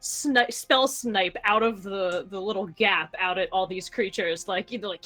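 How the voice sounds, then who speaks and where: A woman's voice: mid-range voice, moderate pace, few pauses, fairly bright tone, soft background music. A woman playing in a tabletop game, talking casually and chattily with lots of "like"s. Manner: chatty, hedging with many "like"s. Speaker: player.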